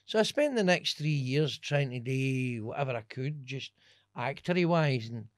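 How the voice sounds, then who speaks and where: Scottish man, comedian, podcast storytelling, swears a lot, very lively pitch, dry sound. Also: moderate pace, no echo. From Scotland. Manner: animated, swearing, laughing storyteller. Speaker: stand-up comedian guest.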